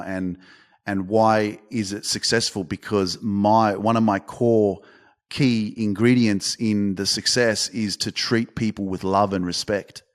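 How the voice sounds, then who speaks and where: An Australian man in his thirties hosting a motivational podcast, telling stories in a casual, animated way, swearing often and restarting his sentences. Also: on the low side. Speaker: podcast host and coach.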